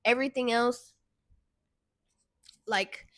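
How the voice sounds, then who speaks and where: A young woman tells her story to camera in a casual vlog, animated and swearing freely as she talks straight to her viewers. Her voice sits a little high and sounds bright and crisp. The recording is dry and close, with no room sound. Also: slow, no echo. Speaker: vlogger and intuitive guide.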